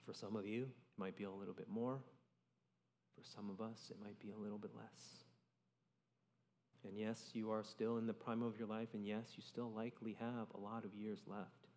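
Young male preacher, low voice, chatty sermon full of "right?", reverberant hall. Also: flat delivery, normal speed, a little mellow. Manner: conversational, keeps adding "right?". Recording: long reverb of a large hall.

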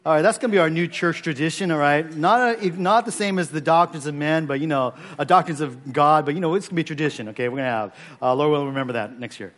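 A man's voice: a little high, fast, hardly any pauses, a bit bright. A man preaching on an Easter morning as pastor, chatty with many asides and leading his church in call-and-response. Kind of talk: Easter sermon.

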